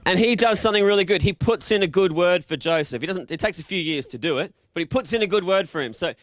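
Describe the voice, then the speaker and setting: Brief: Australian male preacher, higher voice, jokey and casual, dry close sound. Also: expressive, quick pace, fairly bright tone, dry recording. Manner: joking, casual, quizzes the audience. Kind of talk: interactive sermon to a live congregation.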